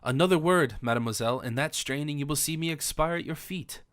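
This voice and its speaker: A man's voice: a little high, quick pace, a bit bright, no room sound, studio quality, natural voice. A man voicing a passionate young king in an audiobook, vowing and commanding in formal old-fashioned speech. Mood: impassioned. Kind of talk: audiobook character reading.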